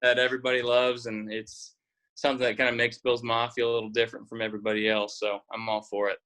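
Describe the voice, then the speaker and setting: Young guy, bright-toned, easygoing, rambling interview guest. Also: mid-range voice, fast talker, low-quality recording. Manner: relaxed, rambling with fillers. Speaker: football quarterback guest. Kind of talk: casual interview chat.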